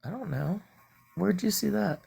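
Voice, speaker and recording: Woman, gravelly voice, blunt and profane, rambling live-stream venting. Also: mid-range voice, moderate pace, warm tone. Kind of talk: casual venting chat.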